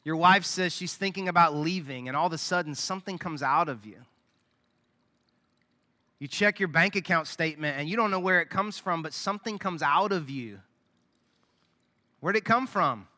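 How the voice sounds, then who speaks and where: Man, pastor, sermon, high voice, conversational with quiet asides, long hall reverb. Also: moderate pace, long pauses. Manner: conversational preaching with sudden drops to soft asides.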